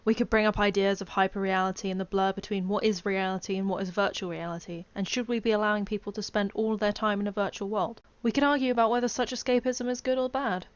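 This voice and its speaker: A woman reads scripted documentary narration in a measured, explanatory way. Her pitch sits in a middle range. The recording sounds a little dull and lo-fi. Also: fairly even intonation, dry recording.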